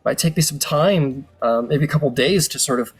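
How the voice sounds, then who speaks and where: A man voicing an eager young tiefling woman who crafts weapons, excited and stammering. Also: on the high side, moderate pace, slightly rough, faint music behind.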